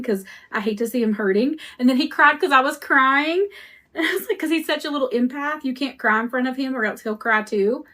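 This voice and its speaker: While working on crafts during a live stream, the owner of a custom cup shop rambles conversationally with her viewers. She speaks with a voice on the high side and a bit bright.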